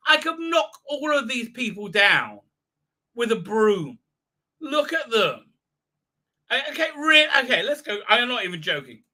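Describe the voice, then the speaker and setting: Bright-voiced man rambling mockingly. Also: high voice. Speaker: show host. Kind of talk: live stream commentary.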